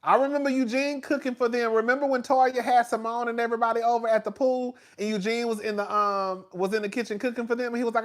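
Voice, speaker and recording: High-voiced guy gossiping about reality tv, lots of "like" and "girl", laughing, gets loud when hyped. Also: fast, hardly any pauses. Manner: animated, gossipy, filler-heavy, laughs often, swings loud and high when excited. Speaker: reality TV commentator. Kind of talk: casual reality TV recap.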